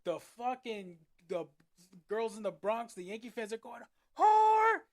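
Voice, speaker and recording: A man with a somewhat high voice chatting as a podcast guest. He tells rowdy stories with plenty of swearing and big belly laughs. His delivery is quick and excitable. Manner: excited, swearing storyteller who laughs loudly. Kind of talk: casual chat.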